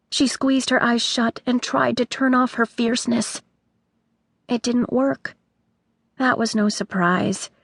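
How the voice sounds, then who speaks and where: A woman narrating a children's audiobook with expressive storytelling. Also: a little high, no room sound.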